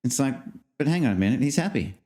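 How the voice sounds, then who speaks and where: A man's voice: mid-range voice, animated, fast talker, mellow. Rambling, laughing man podcast co-host. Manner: rambling storyteller, laughs often, uses fillers. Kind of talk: casual podcast chat.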